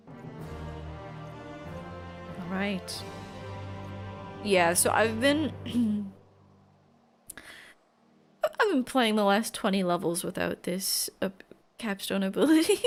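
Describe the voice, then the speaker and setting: A woman's voice: mid-range voice, lively intonation, slow pace, long pauses, faint music behind. A woman streaming a video game, chatting casually and reacting aloud with frequent giggles. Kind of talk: casual gameplay commentary.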